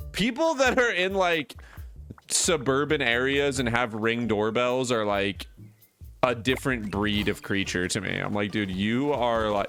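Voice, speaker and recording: A man's voice: mid-range voice, a bit bright. A man streaming a video game, telling a rambling, profane story in casual chat, full of fillers and restarts.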